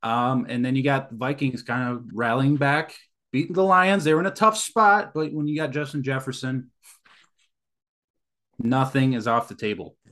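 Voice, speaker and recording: A man's voice: mid-range voice, moderate pace, fairly bright tone. A man hosting a casual sports podcast with friends, joking around as he walks through the week's betting lines. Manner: joking, runs the segments. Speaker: podcast host.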